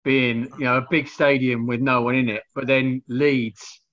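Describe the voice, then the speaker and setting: A man's voice: medium pitch, level tone, a little slow, fairly bright tone, lo-fi sound. A man co-hosting a podcast interview, building long meandering questions.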